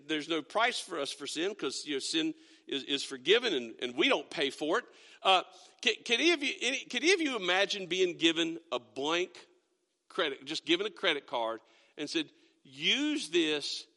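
A middle-aged man preaching a sermon, reading scripture slowly and emphatically, stumbling over restarts. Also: sits high, pushed and bright, in a large hall. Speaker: pastor. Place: church sanctuary.

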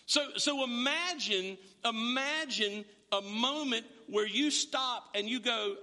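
A man preaching a sermon as pastor, animated and acting out his listeners' voices. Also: very high voice, moderate pace, hardly any pauses, in a large hall.

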